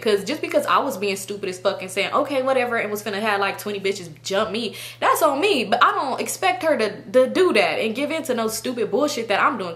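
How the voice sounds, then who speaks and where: A young woman casually telling a story to her viewers, animated and profane, acting out her friends' lines. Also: a little high. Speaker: storytime vlogger.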